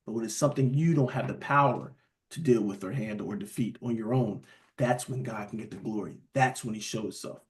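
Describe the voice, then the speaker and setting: Leading a Bible study, a man with a lowish voice talks a little fast, preaching casually. His manner is lively and conversational, and he keeps calling listeners "beloved."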